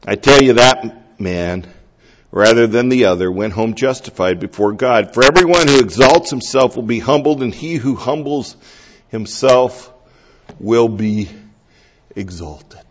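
A middle-aged man preaching a sermon as pastor, swinging between hushed, slow prayer and loud, high, excited exhortation. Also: a little hiss or hum, poor audio.

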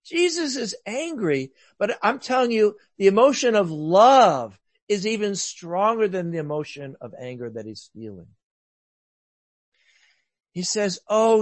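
A man preaching a sermon earnestly, rising to loud emphasis and dropping to hushed, soft lines. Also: high voice, no echo.

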